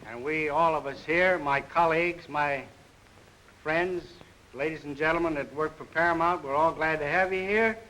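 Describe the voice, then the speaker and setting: A man's voice: a little high, moderate pace, slight background noise, low-quality recording. A man from a studio greeting a crowd of salesmen and giving them a hearty welcome speech. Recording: old film soundtrack, loud music behind.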